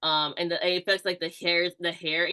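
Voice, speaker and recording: A woman's voice: fairly low pitch, flat delivery, moderate pace, sharp tone, clean tone. A woman strength coach and podcast guest explaining things in a casual, easygoing way, leaning heavily on "like". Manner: explains steadily, heavy use of "like". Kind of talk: casual chat.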